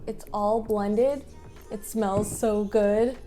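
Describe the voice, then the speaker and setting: A woman's voice: mid-range voice, steady tone, very slow, over music. A young woman vlogging at home in a chatty, upbeat way with lots of ums. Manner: upbeat, chatty, filler-heavy. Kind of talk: casual vlog chat.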